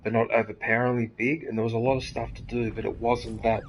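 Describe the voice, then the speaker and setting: A man with an Australian accent chatting casually while he plays a racing game, swearing freely and reacting out loud to the race. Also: medium pitch, flat delivery, quick pace. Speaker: gaming channel host. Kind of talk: casual gameplay chat. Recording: noisy game audio behind.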